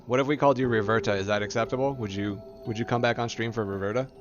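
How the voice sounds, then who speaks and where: A man's voice: medium pitch, steady tone, rapid-fire, lo-fi sound, over music. A man streaming a game live, playfully teasing his companion and relaying her replies aloud, laughing often.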